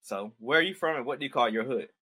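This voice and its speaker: A man's voice: mid-range voice, animated, quick pace, pushed and bright, husky. A man hosting a casual interview podcast, laid-back and hesitant, with lots of fillers as he asks questions. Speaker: podcast host.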